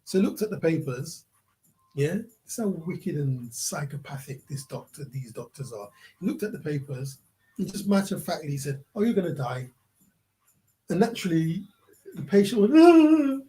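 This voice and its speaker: Ranting man, mellow voice. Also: fairly high pitch, lively intonation, normal speed, poor audio. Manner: profane, repeats "yeah?" to the listener. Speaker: vlogger. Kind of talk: ranting commentary.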